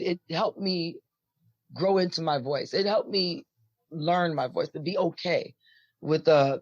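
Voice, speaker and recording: A woman in her forties with a deep, husky voice, talking casually as an interview guest and rambling with lots of fillers. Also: a little mellow, no echo. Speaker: musician guest. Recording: dull lo-fi audio, dry.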